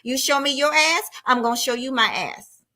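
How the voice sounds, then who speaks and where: Speaking at normal speed, a woman with an expressive, bright, slightly high voice goes on a heated rant during her live stream. She's blunt, profane, and confrontational, addressing viewers head-on.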